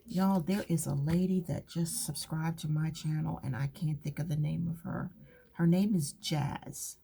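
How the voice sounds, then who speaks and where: A woman's voice: low voice, fairly even intonation, a little slow, vocal fry, warm tone, breathy edge. A woman chatting casually while journaling, rambling and often dropping to a whisper. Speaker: craft channel host. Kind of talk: relaxed journaling chat.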